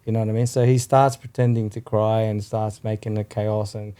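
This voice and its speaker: A man's voice: on the low side, flat delivery, a little fast, mellow, smooth. A man from Australia, a podcast guest, rambling in casual chat and swearing freely as he keeps checking "you know what I mean.".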